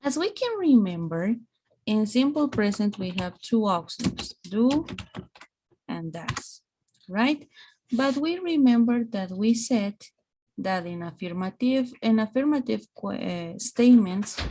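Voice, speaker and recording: Slow, patient woman teaching English grammar. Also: mid-range voice, lively intonation, dark tone. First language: Spanish. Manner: patient, explains step by step with many "okay"s. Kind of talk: online English grammar lesson.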